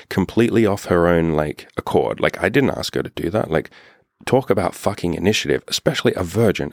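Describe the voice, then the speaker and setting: Low-voiced man telling a blunt story. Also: no room sound, clean studio sound. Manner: blunt, profane, filler-heavy storytelling. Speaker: dating coach. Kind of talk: casual storytelling monologue.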